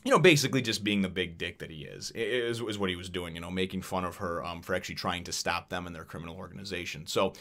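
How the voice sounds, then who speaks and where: A man's voice: deep voice, quick pace, few pauses, fairly bright tone. A man reviewing a manga chapter in casual, rambling talk, full of fillers, curses and chuckles. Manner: rambling, profane, many fillers and laughs. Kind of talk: casual chat.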